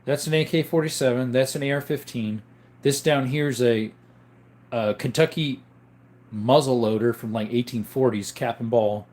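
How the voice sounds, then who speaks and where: A man hosting a live stream in casual chat, greeting viewers and reading their questions aloud, explaining things in a relaxed, rambling way. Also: medium pitch, moderate pace.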